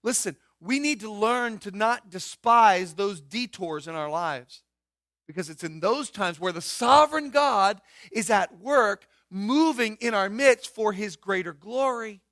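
A man's voice: high-pitched, expressive, unhurried, fairly bright tone, no room sound, clean studio sound. A man preaching a sermon in an emphatic way, asking rhetorical questions and dropping his voice to stress points. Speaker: pastor.

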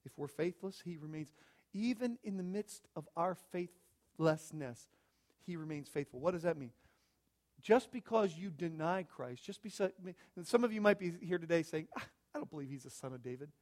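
A man preaching a sermon, emphatic, swinging from hushed lines to loud ones, with lots of rhetorical repetition. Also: high voice, moderate pace.

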